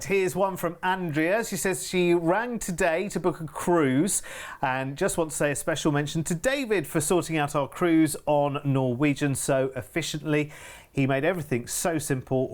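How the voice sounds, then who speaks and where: A man with a British accent presenting cruise deals on a TV shopping channel in an emphatic, chatty, upbeat way. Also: fairly high pitch. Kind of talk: enthusiastic sales chat.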